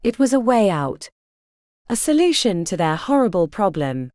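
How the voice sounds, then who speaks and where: Expressive woman audiobook narrator. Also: medium pitch, moderate pace, no echo, studio quality. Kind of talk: scripted narration.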